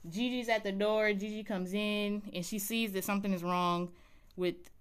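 Animated woman recapping a TV episode. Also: mid-range voice, normal speed, clean tone. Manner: animated, chatty storytelling. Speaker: TV recap vlogger.

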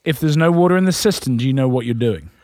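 A man co-hosting a podcast cuts in with quick reactions and questions in casual chat. His medium-pitched voice swings up and down a lot. The recording is dry and close. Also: animated, darkish tone, no echo.

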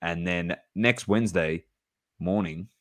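An excitable man talking football on a podcast, his voice sitting low. He laughs easily and rattles through scores, recorded dry and close to the mic. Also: measured pace, no echo. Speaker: podcast co-host. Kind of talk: casual sports chat.

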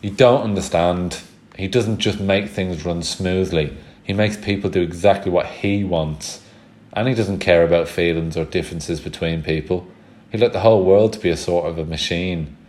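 A man voicing a serious, thoughtful schoolgirl in a storybook, explaining things gravely. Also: low voice, moderate pace, darkish tone, natural voice.

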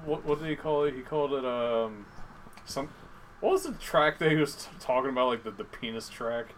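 A man's voice: mid-range voice, lively intonation, fairly quick, fairly bright tone, slight background noise. A man co-hosting a podcast, casually teasing his co-host. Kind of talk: casual chat.

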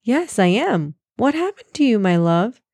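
A woman's voice: a little high, sing-song, a little slow, darkish tone, no echo, full character voice. A woman reading aloud, voicing a loving mother who firmly sets out rules for her children. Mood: tender. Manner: firm, instructive, listing rules. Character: careful, loving mother of two.

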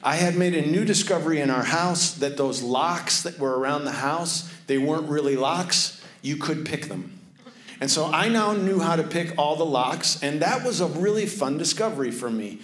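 A man giving a sermon. He tells a lively personal story, then drops to hushed, earnest tones. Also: on the high side, moderate pace. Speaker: pastor. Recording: echoey room.

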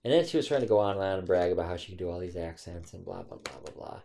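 A gravelly, low-pitched man trading blunt stories on a casual podcast. His voice is dark and mellow. He teases his co-host with dry, crude humor. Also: rapid-fire, slight background noise. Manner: blunt, crude, deadpan teasing. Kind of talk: casual podcast chat, storytelling.

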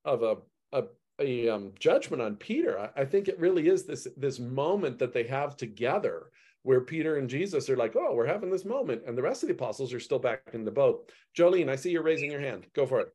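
Animated man leading a Bible study. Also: brisk. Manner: animated, acts out quoted lines with big pitch jumps. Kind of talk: group Bible study discussion.

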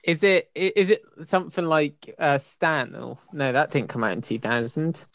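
A young man in his twenties bantering through a quiz with friends. His voice has a gravelly edge, and he talks bluntly, swearing now and then. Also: on the high side, animated, normal speed, fairly bright tone, dry recording. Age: 20s. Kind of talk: casual banter.

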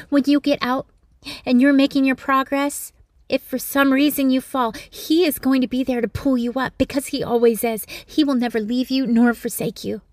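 A woman giving a Christian devotional message with gentle, earnest encouragement, speaking close to the mic. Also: fairly high pitch, no room sound. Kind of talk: devotional teaching.

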